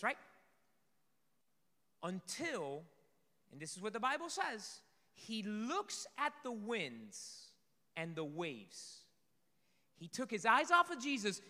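A man preaching a sermon to a congregation, lively, swinging between loud emphasis and soft asides. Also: high voice. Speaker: pastor. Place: church sanctuary. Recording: reverberant hall.

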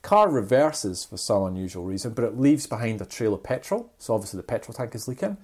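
A podcast co-host in casual storytelling chat, rambling through anecdotes with vivid sound effects. The pitch is lively and swoops around a lot. The delivery is loose and energetic, full of restarts. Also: fast, slightly rough.

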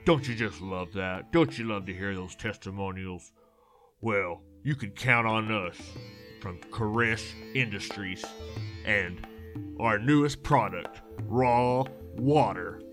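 A man's voice: slow pace, music in the background. A man putting on a Texan cult water salesman. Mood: pitchman. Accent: put-on Texan drawl. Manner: hammy infomercial pitchman. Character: gravelly southern male cult-like water salesman.

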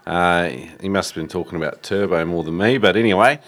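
A man's voice: deep voice, fairly quick, hardly any pauses, fairly bright tone. A man hosting a podcast, chatting in an easygoing way with casual fillers. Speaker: podcast host.

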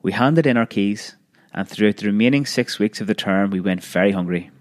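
Low-voiced man reading a memoir. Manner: measured, with occasional restarts. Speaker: narrator.

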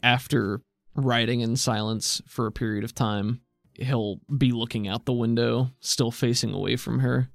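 A man's voice: medium pitch, fairly even intonation, normal speed, gravelly, few pauses, no echo, studio quality. A man playing a tabletop game, narrating his character's actions in a casual, wry way. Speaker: player.

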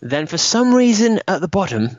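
A man's voice: high voice, sing-song, normal speed, darkish tone, no room sound. Joking man, dull dry sound. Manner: joking, playful banter. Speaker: podcast co-host. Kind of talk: casual chat.

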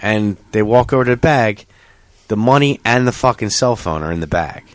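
A man's voice: on the low side, animated, moderate pace, no echo. A man telling a rambling story in casual chat, swearing freely.

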